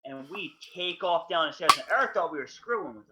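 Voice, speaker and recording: A man's voice: fairly high pitch, fairly quick, very noisy. A young man co-hosting a podcast, telling stories in casual chat with lots of fillers. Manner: lively storytelling, many fillers. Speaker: podcast co-host. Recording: dull lo-fi sound.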